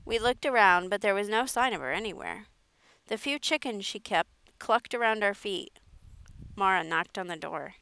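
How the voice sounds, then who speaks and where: Female audiobook reader, smooth and dry, steady storytelling. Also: medium pitch, moderate pace, no echo. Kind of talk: audiobook narration.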